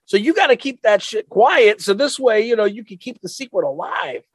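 A man's voice: sits high, sing-song, fairly quick, breathy edge, no echo. A man co-hosting a podcast, chatting casually in a rambling, laid-back way with lots of fillers. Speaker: podcast co-host. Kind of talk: casual chat.

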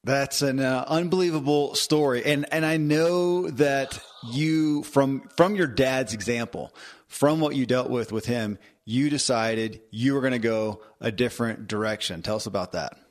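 A man hosting a podcast, asking a guest questions in a measured way. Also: medium pitch. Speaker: podcast host. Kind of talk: interviewing a guest.

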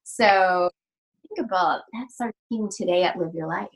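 A woman's voice: lowish voice, measured pace, rough recording. A middle-aged woman, a physical therapist, telling an emotional personal story in a podcast interview, earnest and full of fillers and restarts as she acts out the dialogue. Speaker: physical therapist and practice owner, podcast guest.

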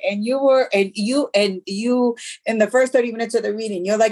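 A middle-aged woman, a guest in an interview, speaking earnestly and haltingly about her grief, with many restarts. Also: a little high. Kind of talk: emotional personal interview.

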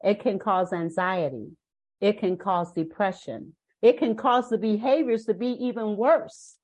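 An older woman, guest on a parenting podcast interview, speaks at medium pitch, a little slowly, with a darkish tone. She tells her stories earnestly and emphatically, stressing her points with care.

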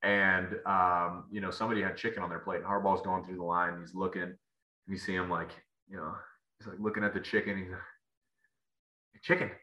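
A man with a low-set, very bright and sharp voice tells stories about his playing days as a podcast guest. He rambles and restarts his sentences, padding them with fillers. The room around him rings with echo. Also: little pitch movement, quick pace, lo-fi sound. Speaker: podcast guest, former football player. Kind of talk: casual storytelling interview. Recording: echoey room.

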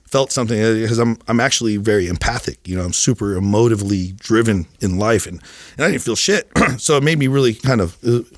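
A man in his thirties, a podcast guest, telling his life story in a candid, profane way, with halting restarts. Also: on the low side, no room sound, studio quality. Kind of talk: casual storytelling.

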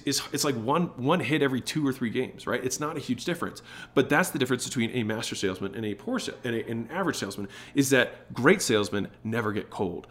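A man gives solo advice on his podcast about closing sales. He keeps checking in with "right?" and demonstrates emphasis by slowing down, dropping low, or speeding up with excitement. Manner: shifts tone and pace to demonstrate emphasis; frequent "right?" tag questions. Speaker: podcast host. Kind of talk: solo business talk to camera.

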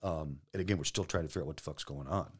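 A man's voice: extremely low pitch, very fast, slightly rough. A middle-aged man, a police detective, telling his story on a podcast in a casual, profane way, acting out what people said. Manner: profane, animated storyteller, acts out quotes.

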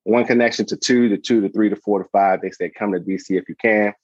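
A man's voice: on the low side, fast, no room sound, highs cut off. A man in his thirties, a podcast guest and founder, telling a story casually and acting out the voices in his anecdotes. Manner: animated, acts out voices in anecdotes.

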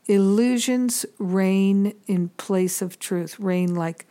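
A woman giving a reflective spiritual teaching talk, measured and earnest, pausing often between thoughts. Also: mid-range voice, warm tone.

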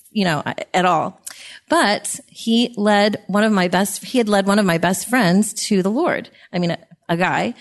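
Middle-aged woman, guest on a podcast, reflective, gently emotional, personal storytelling. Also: mid-range voice. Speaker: podcast guest, host's wife.

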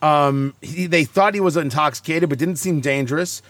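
A man's voice: on the high side, dry recording. A man hosting a talk show, ranting and joking sarcastically in casual banter with co-hosts. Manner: animated, sarcastic, quick asides.

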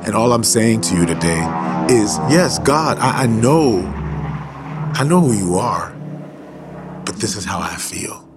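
A man preaching and praying in a livestream devotional, swinging between loud declarations and hushed whispers. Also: fairly low pitch, big pitch swings, measured pace, long pauses, over music. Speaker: pastor. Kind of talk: devotional livestream sermon and prayer.

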